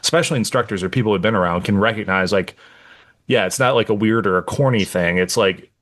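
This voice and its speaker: A man's voice: on the low side, quick pace, a bit bright. A man co-hosting a podcast, talking casually with lots of filler words. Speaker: podcast co-host. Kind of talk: podcast interview.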